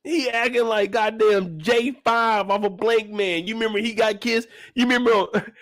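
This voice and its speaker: A young man hosting a reaction video, loud and joking with plenty of swearing. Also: sits high, normal speed, dry recording, clean studio sound. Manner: loud, animated, joking, profane, breaks into laughter. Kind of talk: reaction commentary.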